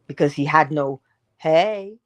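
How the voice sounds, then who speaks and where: A woman giving a motivational morning talk, animated and emphatic, asking her listeners rhetorical questions and dropping into hushed asides. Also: low voice, slow pace. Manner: animated and emphatic, swinging between loud bursts and hushed asides; preacherly, speaks straight to listeners with rhetorical questions. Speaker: inspirational speaker.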